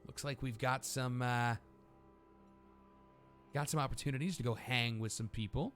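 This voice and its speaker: A man's voice: medium pitch, normal speed, a bit bright, soft background music. A man hosting a let's play, thinking aloud as he plays a deck-building card game. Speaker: gaming channel host.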